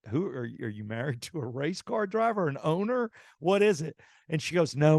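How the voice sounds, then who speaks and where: A middle-aged man, hosting a radio show and telling an anecdote in a casual, animated way, acting out the dialogue. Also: a little high, no echo, clean studio sound. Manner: animated anecdote teller, acts out quoted dialogue. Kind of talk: casual storytelling.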